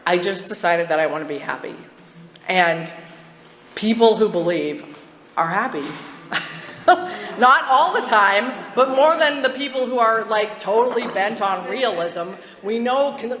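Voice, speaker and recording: A woman's voice: medium pitch, moderate pace. A woman giving personal testimony at a twelve-step meeting, talking in a candid, chatty way, laughing often and restarting her sentences. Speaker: recovery meeting speaker. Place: meeting hall. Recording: echoey hall, faint background noise.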